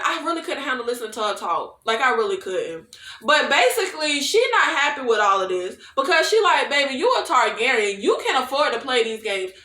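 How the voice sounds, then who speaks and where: High-pitched woman doing a chatty tv recap vlog, lots of slang and laughs, kinda echoey room. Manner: animated, slangy, laughs often. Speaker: show recap reviewer.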